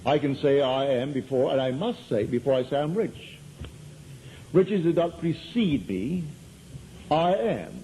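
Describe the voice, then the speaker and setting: A man with a somewhat high, animated, mellow voice speaks at a measured pace while delivering a metaphysical lecture to a live audience. He tells stories conversationally and hammers his points home through emphatic repetition. The recording is low quality, with slight background noise.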